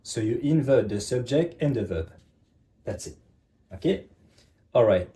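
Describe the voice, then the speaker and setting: A man's voice: medium pitch, expressive, a little slow, warm tone. Man teaching French, says okay a lot. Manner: explains step by step, says "okay?" often. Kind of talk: online language lesson.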